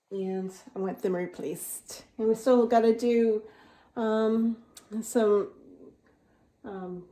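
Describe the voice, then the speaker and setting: Slow, mellow chatty woman in her fifties. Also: medium pitch. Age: 50s. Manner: rambling, chatty, many fillers and restarts. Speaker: vlogger. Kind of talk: casual home tour chat. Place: inside a house.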